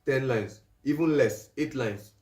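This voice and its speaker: A man with a medium-pitched, slightly slow, darkish voice teaches a livestream class on making videos, walking through the steps and checking in with "right?" and "do you understand?" He sounds like a creative coach, recorded off-mic in a roomy, echoing space.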